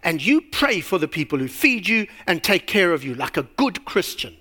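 A preacher doing a gruff old workhouse gentleman. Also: high-pitched, sing-song, normal speed, heavily acted. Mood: stern. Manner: gruff, lecturing. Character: stern, gruff old male workhouse official.

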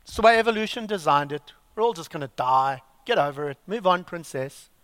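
A man's voice: fairly high pitch, expressive, brisk, a bit bright, clear, resonant tone, long reverb tail, voice pushed down. A man voicing a blunt, dismissive skeptic in a mocking, brusque way. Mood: scoffing.

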